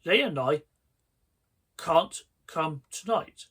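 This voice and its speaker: A man's voice: a little high, expressive, slow pace, fairly bright tone, breathy edge, heavily acted. A man voicing a preteen girl who brushes off her friends in a matter-of-fact way, read aloud from a storybook. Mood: breezy.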